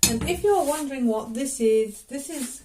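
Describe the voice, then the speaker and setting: A woman's voice: high-pitched, animated, normal speed, dark tone, rough recording. A woman with a slightly raised voice talks her way through a homemade cooking video in her own kitchen. She rambles casually, wandering off into self-deprecating asides in an easy, unscripted way. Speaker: vlogger. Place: home kitchen.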